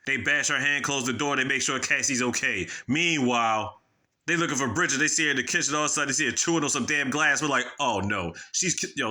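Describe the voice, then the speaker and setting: A man's voice: medium pitch, fast, sharp tone. A man casually retelling a horror movie plot, profane and rambling, acting out the characters' reactions. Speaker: movie reviewer. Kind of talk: casual spoiler recap.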